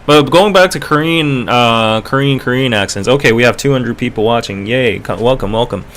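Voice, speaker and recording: A man's voice: mid-range voice, normal speed, a bit bright. A man hosting a casual livestream podcast with a North American accent, rambling and chatty with lots of fillers. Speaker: podcast host.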